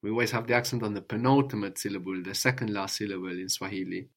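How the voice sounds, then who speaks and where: A man's voice: lowish voice, fairly even intonation, quick pace. A man teaching a one-on-one language lesson, patiently drilling with prompts and tag questions.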